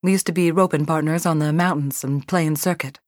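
Narrator lady doing a shy brazilian cowboy, hesitant, low-key, dry sound. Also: fairly even intonation, brisk, a little mellow, no echo, natural voice. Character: soft-spoken Brazilian cowboy man.

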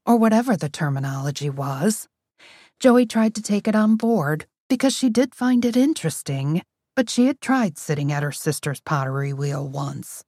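Woman narrator, mid pitch, animated and wry, dry studio read. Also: moderate pace, breathy edge, no echo. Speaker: audiobook narrator. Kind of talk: scripted narration.

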